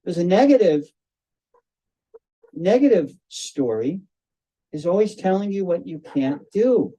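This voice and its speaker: Older man, devotional talk, slow, mellow voice, video call. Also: high voice, sing-song, rough recording. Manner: slow, storytelling, repeats and restarts phrases. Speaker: spiritual teacher.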